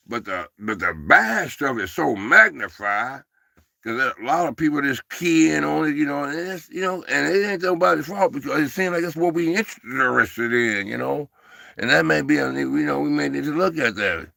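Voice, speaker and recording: Man, folksy rambling livestream chat, gravelly, dry sound. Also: mid-range voice, pushed and bright, no echo. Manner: rambling, folksy, calls listeners baby and man. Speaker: livestream host.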